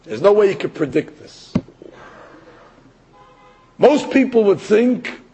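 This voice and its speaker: A man giving a sermon as a rabbi, telling a story in an animated way and rising to emphatic peaks. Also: high-pitched, slow pace, husky, rough recording. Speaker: rabbi or Torah teacher.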